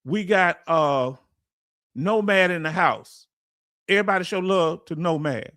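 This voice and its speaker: A man's voice: high voice, measured pace, fairly bright tone, no echo, clean studio sound. A man with a Southern US accent hosting a casual livestream, reading out viewer comments and explaining things in loose, chatty speech. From Southern United States. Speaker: livestream host.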